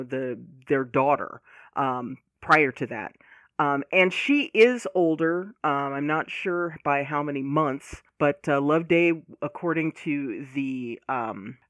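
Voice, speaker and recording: A woman's voice: very deep voice, no room sound. Chatty woman podcast co-host, dry sound. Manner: chatty, lots of fillers, laughing, sighing. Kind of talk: casual chat.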